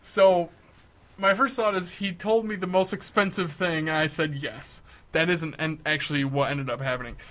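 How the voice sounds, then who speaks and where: A young man chatting casually on a podcast, telling a story with lively acted-out quotes. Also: high-pitched. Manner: animated storyteller, acts out quotes. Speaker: podcast co-host.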